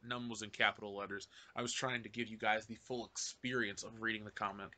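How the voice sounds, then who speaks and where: A man hosting a casual podcast, reading viewer comments aloud with loud, laughing, profane banter into a podcast microphone. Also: lowish voice, fairly quick, hardly any pauses. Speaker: podcast host.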